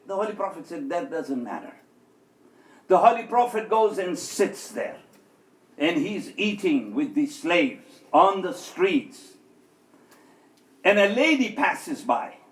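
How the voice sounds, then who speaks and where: A man with a high voice gives a sermon in a large hall, and the room is roomy and echoing. He tells stories and acts out each speaker, rising and falling sharply in pitch and volume. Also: very animated, slow pace, long pauses. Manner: tells stories, acting out quoted speech with swings of pitch and loudness. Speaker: speaker at an Islamic center. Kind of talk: sermon with storytelling. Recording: echoey hall.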